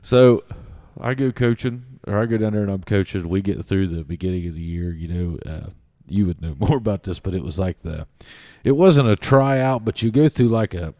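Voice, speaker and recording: A man's voice: deep voice, normal speed, few pauses, warm tone, no echo, clean studio sound. A man in his thirties with an Ohio accent, a podcast guest telling stories in a folksy, rambling way. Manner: folksy, rambling, acts out quotes in a raised voice. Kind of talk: casual storytelling chat.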